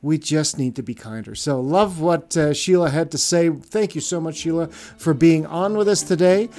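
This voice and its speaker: A man's voice: on the high side, moderate pace, a little mellow. Rambling male podcast host. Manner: rambling, heavy on "you know" fillers. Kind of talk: casual podcast chat.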